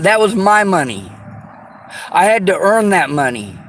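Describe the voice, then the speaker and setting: Furious high-voiced man ranting outdoors. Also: sing-song, unhurried, fairly bright tone, slight background noise, rough recording. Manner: furious, swearing heavily, bitter sarcasm. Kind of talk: angry personal rant.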